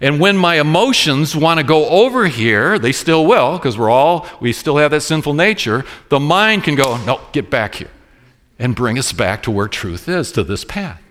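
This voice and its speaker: Pastor preaching a sermon. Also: male voice, a little high, very animated, fairly bright tone. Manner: preaching with sudden slowed emphasis and repeated phrases. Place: church room with congregation.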